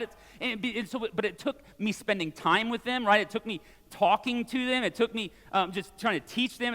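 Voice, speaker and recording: A man in his forties preaching a sermon as a pastor, conversational and animated, with frequent asides to the congregation. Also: extremely high pitch, big-room sound.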